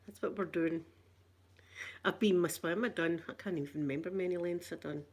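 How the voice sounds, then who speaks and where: A woman's voice: lowish voice, moderate pace. A middle-aged woman with a Scottish accent chatting casually to viewers on a live stream. She repeats herself and laughs often. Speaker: channel host.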